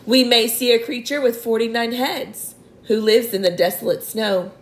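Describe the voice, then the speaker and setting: A woman's voice: on the high side, fairly even intonation, moderate pace, close to an everyday voice, rough recording. A woman doing a boastful, grinning storybook centipede. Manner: exuberant, sing-song rhyming.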